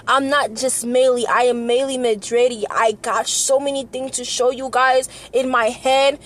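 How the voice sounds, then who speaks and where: A young woman vlogging in an earnest, passionate way, often repeating herself. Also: high voice. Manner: earnest, passionate, repetitive, tearful at times. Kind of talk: emotional personal vlog.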